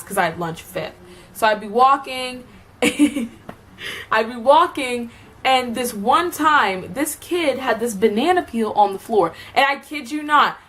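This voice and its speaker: A woman's voice: a little high, fairly bright tone. A young woman telling stories from school in a casual vlog, chatty and giggly, with lots of "like" fillers. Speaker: vlogger.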